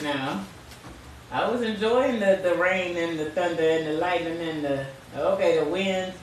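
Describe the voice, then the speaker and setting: A woman's voice: fairly low pitch, distant mic, slight background noise. A woman, chatting frankly and preaching a bit as a tarot reader on a casual live stream. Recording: echoey room, away from the mic.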